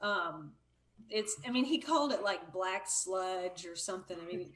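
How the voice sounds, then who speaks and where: A middle-aged woman talking as a guest on a livestream, telling stories in a chatty, relaxed way. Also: on the low side, a little slow. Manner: chatty storyteller. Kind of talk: casual conversation.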